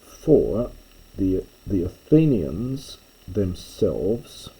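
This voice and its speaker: A man teaching, working through a Greek text line by line in a methodical way, often pausing to restate and correct himself. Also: deep voice, big pitch swings, warm tone, husky, poor audio.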